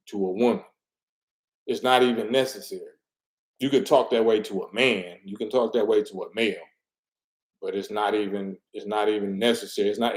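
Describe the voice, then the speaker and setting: A man's voice: fairly low pitch, a little mellow. A middle-aged man giving an emphatic, preachy street-talk monologue and repeating his words as he commentates. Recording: roomy echo.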